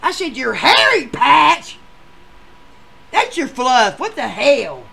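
Crude rowdy contestant, voiced by a man, profane rambling storyteller, bright forceful tone, pitch swinging wildly. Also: big pitch swings, moderate pace, slight background noise. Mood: ranting. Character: crude rowdy adult male gameshow contestant. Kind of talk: comedic machinima voice acting.

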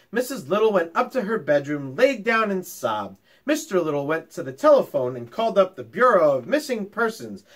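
A male teacher reading a children's chapter book aloud and chatting with his young pupils about it. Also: sits high. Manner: animated, talks to children directly.

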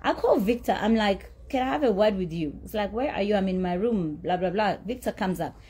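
A woman's voice: medium pitch, expressive, a little fast, darkish tone, a little hiss or hum. A woman telling her side of a dispute in a blunt, profane, indignant rant. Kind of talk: heated storytelling rant.

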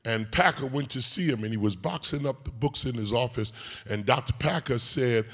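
An older man preaching a sermon, moving between quiet storytelling and shouted, sung call-and-response. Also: medium pitch, moderate pace. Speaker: pastor. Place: large church sanctuary. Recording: long church-hall reverb.

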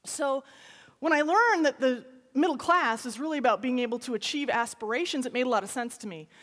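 A woman giving an animated conference keynote, often turning to the audience with a quick "right?". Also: high voice. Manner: lively, animated, talks to the audience with frequent "right?". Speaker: keynote speaker. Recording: long reverb of a large hall.

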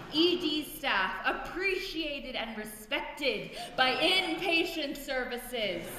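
A woman's voice: a little high, pushed and bright, a little hiss or hum. A woman medical student performing a comedy stage musical, with grand theatrical proclamations. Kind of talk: stage musical acting and singing. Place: theater stage with live audience. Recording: echoey hall recording with music.

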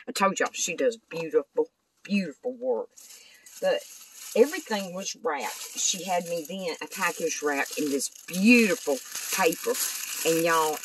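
A woman's voice: low voice, fairly bright tone, recorded from a distance, a little hiss or hum, rough recording. An older woman, chatting casually in a craft vlog and gushing over the things she shows. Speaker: craft vlogger. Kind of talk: casual show-and-tell vlog.

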